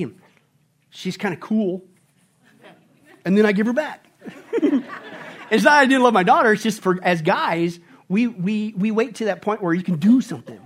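Lively, high-voiced man preaching. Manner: animated, conversational preaching with frequent "right?"; acts out family scenes with playful put-on voices. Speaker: pastor. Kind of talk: sermon.

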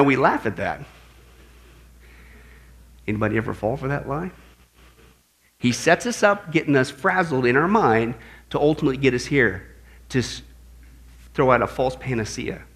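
A male pastor preaching an animated sermon, exclaiming and asking his listeners questions. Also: medium pitch, normal speed, long pauses.

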